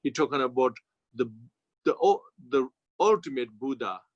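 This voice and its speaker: A man with a Tibetan accent, a Buddhist teacher giving a slow, halting dharma commentary in non-native English. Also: mid-range voice, no room sound. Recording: dull, lo-fi sound.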